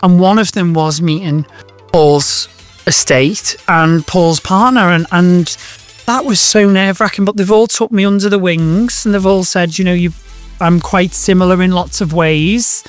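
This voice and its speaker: A man's voice: sits high, soft background music. Chatty effusive man in his thirties. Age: 30s. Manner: chatty, effusive, quick to laugh. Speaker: guest performer. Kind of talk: casual interview chat.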